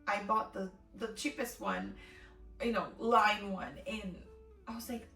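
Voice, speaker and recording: A woman's voice: mid-range voice, steady tone, unhurried, pushed and bright, far from the mic. A woman telling a personal faith testimony in a vlog, emotionally acting out what she said and thought. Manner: emotional, acts out her own quoted words. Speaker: faith vlogger. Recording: roomy echo, voice from off-mic, faint music.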